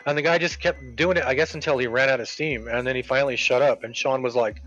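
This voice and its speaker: A man casually telling a workplace story while streaming a game, quoting people with animated voices. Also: mid-range voice, quick pace, hardly any pauses. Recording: dull lo-fi with game music.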